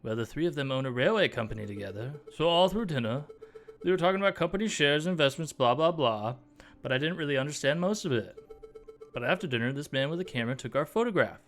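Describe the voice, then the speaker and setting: Here is a sweet young noble lady cat who chatters on naively, as a man puts her on. Her voice sits a touch higher than a normal speaking voice. Soft game music plays faintly underneath. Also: animated, fast. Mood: girlish.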